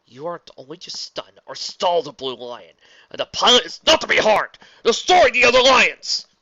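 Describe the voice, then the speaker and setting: A man's voice: medium pitch, moderate pace, natural voice. A man voicing an arrogant young villain prince who barks orders imperiously, in a dull lo-fi recording. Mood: furious.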